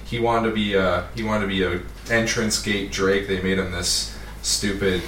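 A man's voice: deep voice, flat delivery, normal speed, fairly bright tone. A man playing a tabletop game, rambling with hesitant fillers as he describes his character. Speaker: player. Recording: roomy, distant from mic, faint noise.

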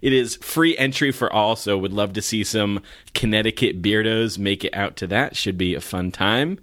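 A man's voice: fairly low pitch, moderate pace, a bit bright, no echo, studio quality. A man co-hosting a casual podcast, upbeat and jokey as he reads out announcements. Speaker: podcast co-host.

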